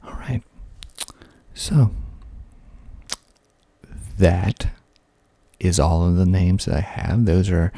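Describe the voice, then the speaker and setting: A man, hosting a soft-spoken ASMR video, speaking slowly and deliberately into a close mic with a pop filter, with wry asides. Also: low-pitched, vocal fry, dry recording. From Georgia, USA. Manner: slow, deliberate, half-whispered delivery with wry asides. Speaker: ASMR channel host.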